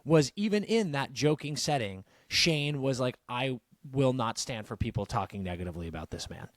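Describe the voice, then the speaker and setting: A man co-hosting a podcast who retells TV scenes in casual, animated chat and swears freely. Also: mid-range voice, normal speed, no room sound, clean studio sound. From Canada. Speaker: podcast co-host.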